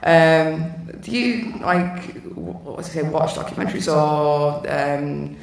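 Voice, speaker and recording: A man's voice: fairly high pitch, slow, gravelly. A man in the audience asking a hesitant question, full of ums. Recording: very echoey hall from far off.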